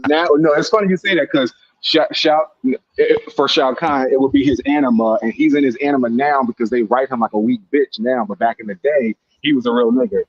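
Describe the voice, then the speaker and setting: A man's voice: medium pitch, a little fast, breathy edge, dry recording, lo-fi sound. A man speaking as a guest in a casual live-stream discussion, explaining his ideas earnestly and at length, often repeating words as he goes.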